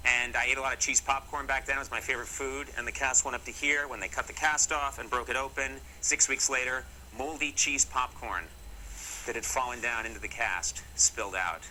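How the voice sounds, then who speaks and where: Bright-voiced wisecracking man host. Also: medium pitch, steady tone, a little fast, a little hiss or hum, rough recording. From Massachusetts, USA. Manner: jokey, mock-serious storytelling with wry asides. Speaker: comedy show host. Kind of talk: comic talk to camera.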